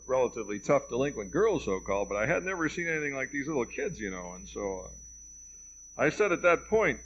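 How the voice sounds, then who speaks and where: A middle-aged man lectures with wry, dry humor, playing out both sides of the conversations in his anecdotes. His voice sits in a middle register with a gravelly edge. The old reel-to-reel tape sounds muffled and lo-fi, with a faint hiss and hum. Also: mid-range voice, fairly bright tone. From United States. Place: lecture hall at a college.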